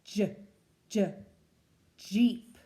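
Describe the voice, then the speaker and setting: A woman's voice: medium pitch, drawn-out words, dark tone. A woman teacher leading a phonics lesson for young children, patiently sounding out letters and words. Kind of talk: early-learning phonics lesson.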